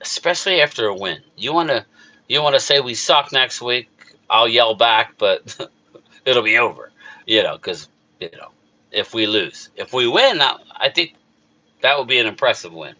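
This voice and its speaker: A middle-aged man with a South Jersey accent hosts a casual live chat on his YouTube sports channel, rambling emotionally and talking back to the viewers whose comments he reads. His medium-pitched voice is animated, bright and forceful at a moderate pace. The audio has its highs cut off.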